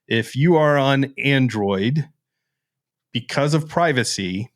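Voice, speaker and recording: A man co-hosting a casual tech podcast, playful and excitable, joking one moment and explaining features at length the next. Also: mid-range voice, takes it slowly. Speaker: podcast co-host.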